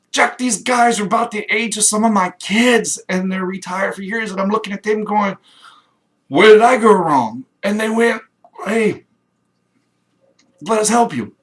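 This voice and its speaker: A middle-aged man from Kansas in a rambling, enthusiastic direct-to-camera pitch, acting out little quoted voices. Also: fairly bright tone. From Kansas, USA. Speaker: home business promoter.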